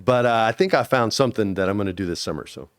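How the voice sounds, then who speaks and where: A man in his forties, an actor as interview guest, telling stories casually and acting out quotes with sudden high bursts. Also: lively intonation, quick pace, clean tone.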